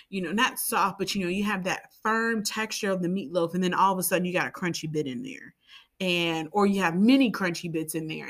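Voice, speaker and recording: A woman's voice: medium pitch, a bit bright. A woman co-hosting a podcast in a casual, chatty way, rambling into side tangents and playful asides. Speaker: podcast co-host. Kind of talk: casual chat.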